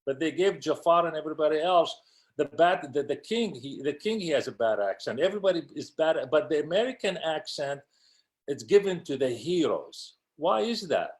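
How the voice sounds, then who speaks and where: A passionate man speaks as an interview guest, pressing each point hard and circling back to repeat it. His voice sits a little high for a man. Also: expressive, moderate pace. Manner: passionate, emphatic, repeats words. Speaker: casting director and producer, guest. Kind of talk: interview conversation.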